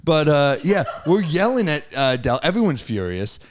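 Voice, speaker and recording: A man, a comedian guest in casual podcast chat, telling animated stories and acting out shouted rants. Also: on the high side, moderate pace, a little hiss or hum. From New York.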